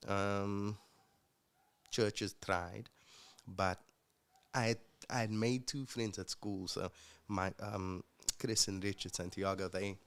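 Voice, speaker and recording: A man from Africa, a podcast guest telling his story in a casual, reflective way, pausing with fillers and restarts. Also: lowish voice, fairly even intonation, fairly bright tone, smooth. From South Africa.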